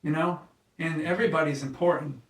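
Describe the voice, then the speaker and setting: A man's voice: fairly high pitch, fairly even intonation. A man, an occupational therapist and founder, talking in a casual conversation. He tells earnest, emotional stories and often restarts his sentences. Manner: halting restarts. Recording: echoey room, mic at a distance.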